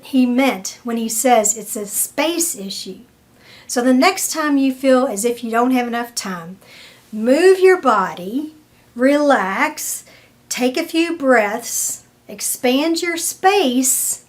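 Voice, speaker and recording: Woman, high voice, unhurried delivery, wellness tip, storytelling. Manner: slow, storytelling, acts out quoted people. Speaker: wellness presenter. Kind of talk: weekly wellness tip talk.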